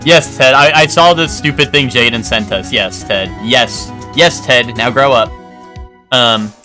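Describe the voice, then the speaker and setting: A man's voice: mid-range voice, a little slow, faint music behind. A man streaming a game live, reading its dialogue aloud and rambling to his chat. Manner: rambling, animated, scolds chat.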